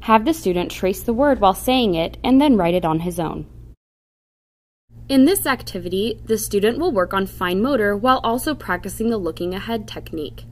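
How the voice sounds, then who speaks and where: A woman's voice: medium pitch, lively intonation. Woman narrating a reading lesson. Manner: slow, careful demonstration of word sounds. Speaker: instructor. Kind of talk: scripted instructional narration.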